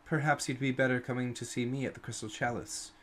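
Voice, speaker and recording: A man voicing a smug male elf guild leader in a tabletop game, soft-spoken and wry. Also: mid-range voice, fairly even intonation, quick pace, close to an everyday voice. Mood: sly.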